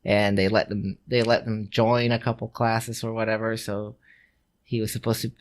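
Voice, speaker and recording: A man's voice: on the low side, level tone, moderate pace. A man co-hosting a podcast, telling a story in casual chat, swearing freely, laughing, and acting out the people he quotes. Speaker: podcast co-host.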